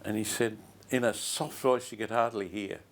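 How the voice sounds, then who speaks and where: An older man, preaching a sermon as a pastor and telling a story slowly and with feeling, repeating his phrases. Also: mid-range voice, fairly even intonation, a little hiss or hum.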